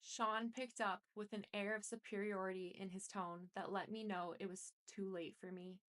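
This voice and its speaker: A woman's voice: medium pitch, level tone, normal speed, fairly bright tone. A woman reading aloud a dramatic first-person story, in an intense and emotional way. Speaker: reader.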